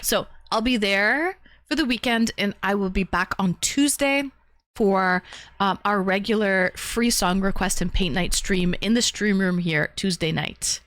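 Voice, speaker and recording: A woman's voice: mid-range voice, measured pace, a bit bright, no room sound. A woman hosting a casual livestream, chatting with viewers, laughing often and swearing casually. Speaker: livestream host reading chat.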